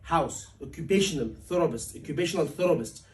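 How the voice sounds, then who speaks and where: A man teaching a surgery exam class, animated and asking his students questions often, acting out patient lines. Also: a little high, quick pace. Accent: Liverpool. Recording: voice from a distance.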